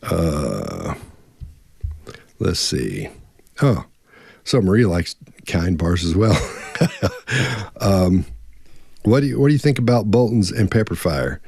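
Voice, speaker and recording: A middle-aged man co-hosting a live online Q&A, telling a long story in a rambling, animated way and acting out the voices of the people in it. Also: low-pitched, slow pace, vocal fry, long pauses, slightly rough, no room sound. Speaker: co-host answering member questions. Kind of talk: casual storytelling chat. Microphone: online live stream.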